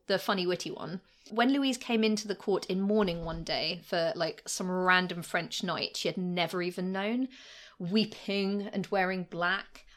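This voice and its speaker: A woman's voice: mid-range voice, a bit bright. A woman co-hosting a podcast, telling history stories in a chatty, casual way, with many "like" fillers and frequent laughs. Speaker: podcast co-host.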